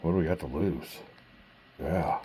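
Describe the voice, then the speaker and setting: Low, dark-voiced man reading game cards. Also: measured pace, a little hiss or hum. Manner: reads card text aloud, muses with fillers; hushed and quiet at first. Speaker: host playing a solo board game. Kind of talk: casual gameplay commentary.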